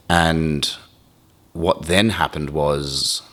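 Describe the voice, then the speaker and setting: A man's voice: extremely low pitch, fairly even intonation, slow, fairly bright tone. A man speaking candidly as a podcast guest, emotional and swearing freely, acting out his inner voice. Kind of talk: candid conversation.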